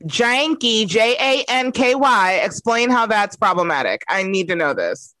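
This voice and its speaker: A man co-hosting a podcast in casual comedic chat, animated and joking, laughing often. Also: high voice, a little slow, no room sound. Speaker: podcast co-host.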